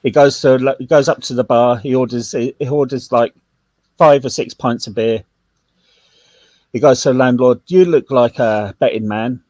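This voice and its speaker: A man's voice: medium pitch, fairly even intonation, normal speed, pauses often, darkish tone, dry recording. A man in casual group chat, telling long jokes with the dialogue acted out. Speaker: panel participant.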